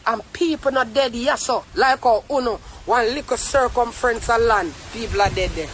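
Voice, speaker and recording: A young Jamaican woman with a Jamaican accent, ranting defiantly to camera in a heated, profane monologue and often breaking into shouts. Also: on the high side, moderate pace, background noise. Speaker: vlogger. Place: inside a car.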